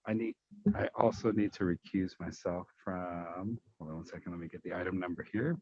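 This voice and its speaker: A man with a very low, dark voice speaks haltingly at a commission meeting, thinking aloud as he searches for something. He sounds far from the mic, and the audio is dull and lo-fi. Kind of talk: meeting remarks. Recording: distant muffled lo-fi audio.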